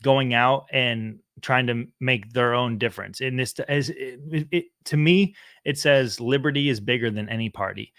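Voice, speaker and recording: A man's voice: medium pitch, normal speed, few pauses, a bit bright, dry recording, clean studio sound. A young man hosting a podcast, rambling in casual interview talk with many fillers. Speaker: podcast host.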